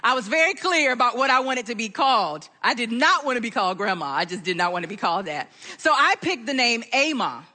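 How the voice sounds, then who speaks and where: Bubbly, high-voiced grandmother in a hall. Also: fairly quick, few pauses. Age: middle-aged. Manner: bubbly, animated storyteller. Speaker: speaker. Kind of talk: speech to a live audience.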